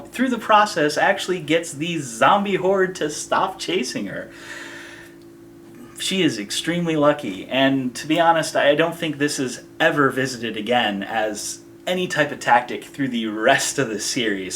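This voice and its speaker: Sarcastic, animated woman anime reviewer. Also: extremely low pitch, slight background noise. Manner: sarcastic, animated, acts out characters in exaggerated voices.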